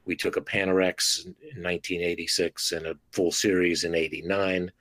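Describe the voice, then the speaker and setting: A man who is a dentist, talking as a guest on a podcast interview in an expressive, animated way and acting out talks with patients. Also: sits low, moderate pace, no echo.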